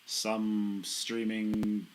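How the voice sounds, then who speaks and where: A man's voice: fairly low pitch, monotone, very slow, slight background noise, poor audio. A man doing live pool commentary from a commentary booth, chatty and self-mocking, explaining the shots in detail.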